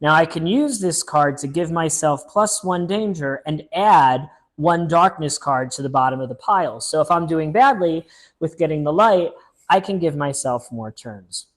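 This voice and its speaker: A man's voice: fairly high pitch, animated, moderate pace. Chatty man thinking aloud over a board game. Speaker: board game channel host. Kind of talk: casual solo board game playthrough with read-aloud story text.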